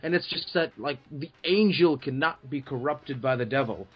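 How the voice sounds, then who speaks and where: A man co-hosting a casual comic book talk, excitable, swearing and making grand sweeping statements. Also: mid-range voice, moderate pace, slightly rough. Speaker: podcast co-host. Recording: dull lo-fi recording.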